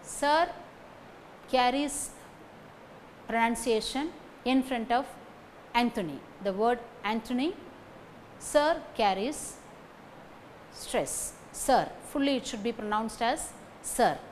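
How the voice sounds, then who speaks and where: Slow, deliberate woman lecturing. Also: fairly high pitch, slight background noise, rough recording. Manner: slow, deliberate, repeats example sentences; frequent "okay" between points. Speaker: phonetics lecturer. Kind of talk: recorded lecture.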